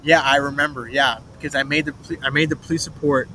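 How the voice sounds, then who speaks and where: A young male vlogger rambles through a personal story on a noisy street with traffic behind him. His mid-range voice is bright and forceful, with fairly even intonation and a quick pace. He restarts often, swears, and mimics other people's voices when quoting them.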